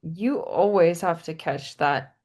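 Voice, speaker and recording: A woman in casual conversation who tells stories with animated energy and laughs often. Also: fairly low pitch, slow. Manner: giggly, animated storytelling. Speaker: podcast guest. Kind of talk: casual chat.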